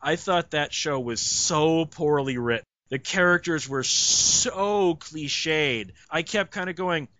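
Man, middle-aged, blunt, opinionated, bright tone, dry sound. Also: a little high, slow, few pauses, dry recording. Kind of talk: casual chat about old TV.

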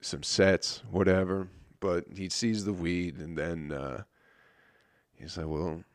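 A man's voice: deep voice, takes it slowly, no room sound, clean studio sound. A man, a stand-up comedian, telling a story in a laid-back, rambling way full of swearing. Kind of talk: casual storytelling.

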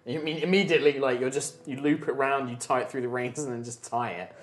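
A woman's voice: a bass voice, fairly even intonation, quick pace. A woman narrating as game master in a casual, hesitant way. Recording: echoey room.

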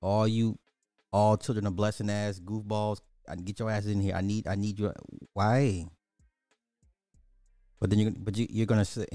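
Low-voiced man ranting incredulously. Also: little pitch movement, normal speed, pauses often, mellow, dry recording, faint music behind. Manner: crude, repetitive, incredulous ranting. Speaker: online commentator. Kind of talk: casual ranting commentary.

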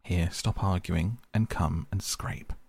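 A man's voice: low voice, normal speed, creaky. A man voicing an eager, practical male water rat who speaks impatiently and insistently.

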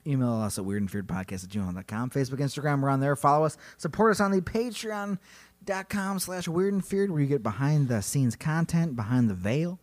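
A man's voice: mid-range voice, lively intonation, fairly quick. A man co-hosting a podcast, chatting casually and joking playfully. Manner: joking, playful, goofy voices. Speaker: podcast co-host. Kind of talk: casual comedic chat.

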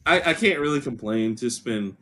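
A man's voice: mid-range voice, animated, moderate pace, pushed and bright. A young man co-hosting a podcast in casual chat, laid-back, laughing often and swearing freely. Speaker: podcast co-host.

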